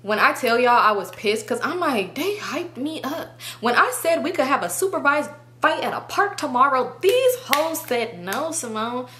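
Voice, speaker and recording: A young woman telling a story to her viewers in a casual, animated, slangy way, with plenty of swearing. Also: high-pitched, normal speed, slight background noise. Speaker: storytime vlogger.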